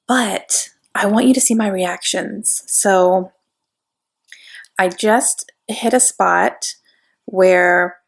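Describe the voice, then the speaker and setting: A woman vlogging about a new book at home, gushing and bubbling over with excitement. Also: mid-range voice, vocal fry. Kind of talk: excited casual vlog. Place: home couch.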